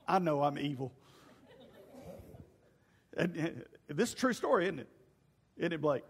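A middle-aged man preaching a sermon in a church, telling funny stories with loud, animated asides. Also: on the high side, measured pace, gravelly, long pauses, slightly rough. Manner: animated, humorous storytelling with shouted asides. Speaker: pastor. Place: church sanctuary. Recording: long hall reverb.

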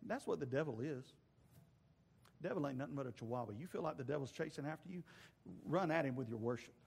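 A man's voice: on the high side, animated, quick pace, gravelly, slightly rough. Preaching man in a reverberant church. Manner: storytelling preacher acting out voices, shouting at peaks. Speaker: pastor. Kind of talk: sermon. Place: church sanctuary.

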